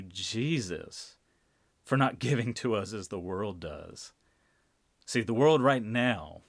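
A man preaches a sermon, unhurried and deliberate, leaning on repeated phrases for emphasis. His voice sits a little low, and he takes his time over every line. The sound is dry and close, with no room around it. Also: dry recording. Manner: slow, deliberate, emphatic repetition.

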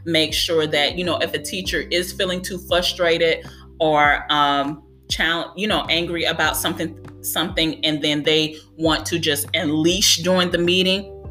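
A woman's voice: deep voice, fairly even intonation, measured pace, bright, forceful tone, faint music behind. A woman hosting a podcast for childcare educators, talking in an earnest, encouraging way and often saying "you know.". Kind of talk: conversational advice monologue.

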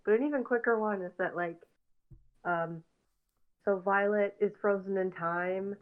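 A woman's voice: mid-range voice, unhurried. Woman co-host on a tinny line. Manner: rambling, filler-heavy, opinionated. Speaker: podcast co-host. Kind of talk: casual podcast chat.

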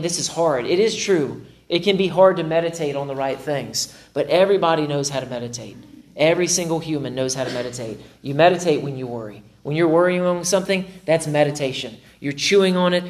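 A man preaching from the pulpit with a voice that sits a little higher than most men's. He is animated and playful, and often voices his own inner thoughts with self-mocking humor. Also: a little fast. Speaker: pastor. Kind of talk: sermon.

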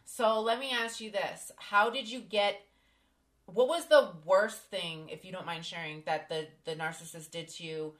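A woman's voice: lowish voice, fairly even intonation, unhurried, fairly bright tone. A woman hosting a podcast, candidly telling a personal story with emphasis. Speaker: podcast host. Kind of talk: casual podcast conversation.

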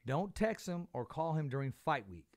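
A man hosting a podcast, telling stories in a casual, animated way, repeating words as he talks. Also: fairly high pitch, normal speed, a crowd in the background. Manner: animated storyteller, repeats words, laughs often. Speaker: podcast host. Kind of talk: casual interview chat.

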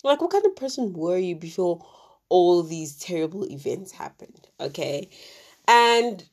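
A woman's voice: on the low side, very animated, unhurried, darkish tone. A woman from Africa, casually retelling a true crime story with many fillers and asides.

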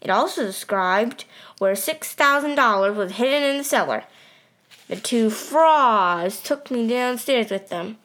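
A woman's voice: a little high, expressive, measured pace, a bit bright. A woman narrating a story in first person, telling it plainly and steadily.

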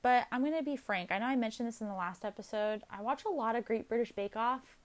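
A young adult woman hosting her own podcast, chatting casually in a rambling, self-deprecating way. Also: a little high. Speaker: podcast host. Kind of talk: casual solo podcast chat.

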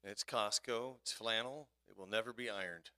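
A tired man trades dry, playful jokes during a church service. His voice sits low, with a bright, forceful edge, and it is recorded close and dry. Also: normal speed, dry recording. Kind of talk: casual church-service banter.

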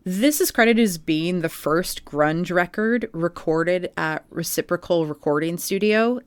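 A woman with a notably low voice tells a story on a podcast in a relaxed, chatty way, full of "like" and "um". The sound is close and dry, with no room around it. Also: a little slow, clear, resonant tone, no room sound. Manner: chatty storytelling with many fillers. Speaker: podcast co-host. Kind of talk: casual podcast chat.

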